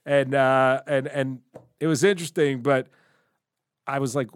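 A middle-aged man co-hosting a podcast, telling animated stories with free swearing and acting out his own lines. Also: medium pitch, a little slow, smooth, no echo, clean studio sound. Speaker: podcast co-host. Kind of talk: casual storytelling chat.

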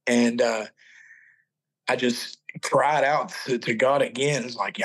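A man in his forties tells his personal faith testimony as a podcast guest. His voice sits at an ordinary middle pitch. He speaks earnestly and haltingly, breaking off and restarting his sentences. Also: fairly even intonation, poor audio.

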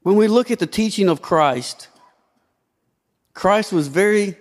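A man's voice: sits high, a little slow, pauses often. Man, pastor, sermon, rhetorical questions, reverberant hall. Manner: preaching, rhetorical questions, varied emphasis. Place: church sanctuary.

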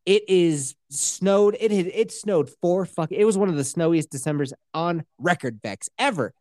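A man in his thirties from Colorado, hosting a podcast and telling a rambling story full of swearing. His pitch swings widely as he talks, and he laughs at his own jokes. The sound is close and dry. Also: animated, moderate pace, a little mellow, dry recording. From Colorado, USA. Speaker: podcast host. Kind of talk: casual storytelling chat.

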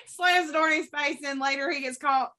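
A woman guest on a podcast in casual chat, loud and laughing, swearing freely. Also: sits high, steady tone, fairly quick.

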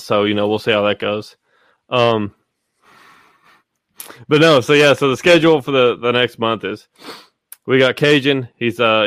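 A man's voice: mid-range voice, fairly bright tone, clean tone, dry recording, clean studio sound. Rambling, cursing male podcast host. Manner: rambling, profane, full of fillers. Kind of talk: casual podcast chat.

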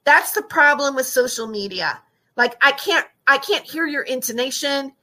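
A woman's voice: high voice, lively intonation, moderate pace, pushed and bright. A young woman on an audio-only livestream, upset and close to tears, rambling and repeating herself as she rants at her chat and greets viewers. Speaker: YouTube livestreamer. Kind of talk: emotional livestream rant to chat. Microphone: audio-only stream, no face shown.

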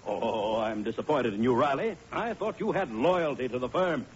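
An actor playing an overbearing factory foreman who talks briskly and heartily, in 1940s radio sitcom style. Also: medium pitch, lively intonation, slightly rough. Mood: bossy. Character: pushy middle-aged factory boss, overbearing. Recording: lo-fi old radio broadcast with faint hiss and audience.

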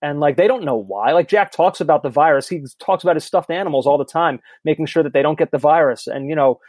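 A man in his thirties chatting on a podcast, candid and self-deprecating, tending to ramble. His voice sits a little higher than most men's. The recording is dry and close. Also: quick pace, darkish tone, no echo. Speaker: podcast co-host. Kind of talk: casual chat.

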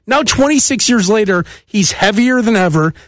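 A man's voice: high voice, animated, moderate pace, dry recording, studio quality. A man hosting a podcast, ranting in brash, profane casual chat. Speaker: podcast host.

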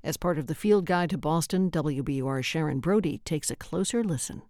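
A woman's voice: sits low, a little mellow, dry recording, clean studio sound. Polished woman news host. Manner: measured, polished. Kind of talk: scripted news introduction.

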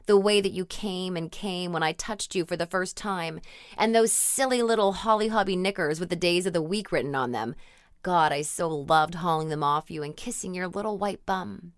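A woman's voice: fairly low pitch, moderate pace, clear, resonant tone, no room sound, clean studio sound, close to an everyday voice. A woman reading as a devoted, pleading older lover. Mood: reminiscing. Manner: pleading, then tender and reminiscing. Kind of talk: audiobook character reading.

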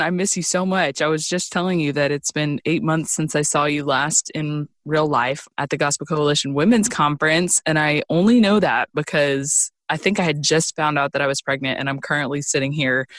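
A woman's voice: low-pitched, fairly even intonation, moderate pace, a bit bright, dry recording. Friendly woman podcast host, dry closet sound. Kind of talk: casual interview. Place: closet at home.

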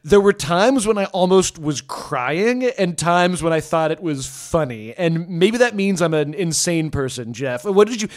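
A man with a fairly high, smooth, clear voice co-hosts a podcast. He rambles through scene descriptions, stops to restart and chuckles along the way. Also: lively intonation, unhurried, few pauses. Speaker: podcast co-host. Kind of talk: casual podcast discussion.

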